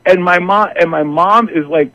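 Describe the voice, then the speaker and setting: A man in his sixties, a guest telling a family story in a rambling, animated way. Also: high voice, normal speed, lo-fi sound. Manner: animated, acts out family members' voices; rambling with many restarts and asides. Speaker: interview guest. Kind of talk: casual storytelling.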